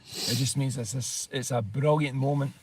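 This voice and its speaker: A man's voice: medium pitch, steady tone, moderate pace, background noise. A man with a Scottish accent co-hosting a casual livestream, trading dry jokes with the host. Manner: dry, joking banter.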